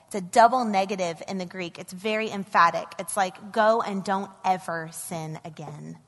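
A woman's voice: mid-range voice, fairly bright tone. A woman preaching a sermon, earnest and rising to emphatic bursts. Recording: long hall reverb.

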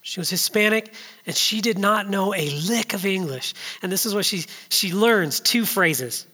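A man in his thirties delivers a sermon in a bright, ringing, high-pitched voice. He tells stories, sinking to quiet asides before rising to loud, urgent peaks. His voice carries the long reverb of a large church hall. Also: lively intonation, moderate pace, breathy edge. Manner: storytelling, builds from hushed to loud and urgent. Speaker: preacher.

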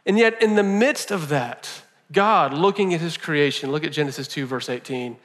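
A man's voice: fairly high pitch, moderate pace, a bit bright, long reverb tail. A male pastor preaching a sermon in a conversational way, repeating phrases for emphasis.

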